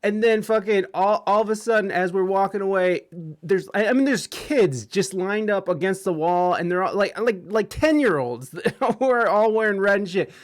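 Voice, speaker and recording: Man, high voice, loose rambling storyteller, profane and full of restarts. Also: normal speed. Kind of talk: casual storytelling chat.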